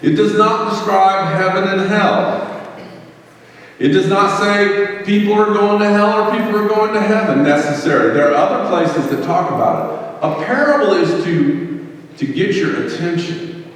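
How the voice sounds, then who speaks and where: A man's voice: high voice, moderate pace. A male pastor delivering a sermon, full of rhetorical questions and rising fervor. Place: church sanctuary. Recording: echoey church hall from far off.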